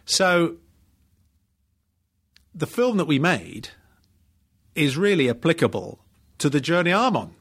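A man's voice: a little high, sing-song, slow pace, pauses often, husky. A man as a podcast guest, talking reflectively with some dry humor. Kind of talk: casual interview chat.

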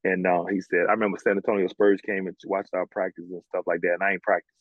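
Low-voiced and fast, this man comes through a dry, phone-quality recording. Swearing a lot and speaking bluntly, the ex-college basketball player from the American South spins animated stories in a relaxed interview.

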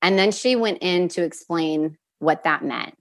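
Interview guest: a woman with a slightly low voice, candid and halting, full of fillers and restarts, emotion close to the surface. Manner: openly emotional, near tears at times. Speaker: podcast guest. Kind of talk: candid personal storytelling.

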